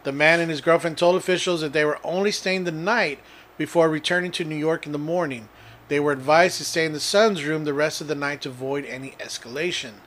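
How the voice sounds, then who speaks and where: A man's voice: on the high side, brisk, fairly bright tone, a little hiss or hum. A man co-hosting a casual podcast, reading odd news stories aloud and often laughing as he reads. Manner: laughs while reading, playful. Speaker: podcast co-host.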